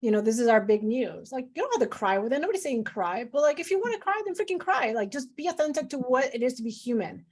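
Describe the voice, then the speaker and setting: A middle-aged woman doctor talking in a loose, effusive way, full of "like" and little asides, who slips into lively quoted voices. Her voice sits a little higher than most. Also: fast, hardly any pauses, husky. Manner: effusive, talks with lots of fillers, acts out quoted voices. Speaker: physician guest. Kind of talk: casual interview talk.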